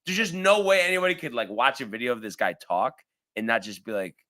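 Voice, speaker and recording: A man's voice: medium pitch, expressive, quick pace, pushed and bright. A man co-hosting a casual sports show, telling a long story in a rambling way with lots of fillers. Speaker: podcast co-host.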